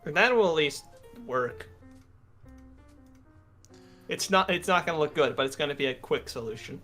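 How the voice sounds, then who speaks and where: A man's voice: on the high side, lively intonation, normal speed, over music. A young man co-hosting a casual reaction chat, dry and teasing. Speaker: channel co-host.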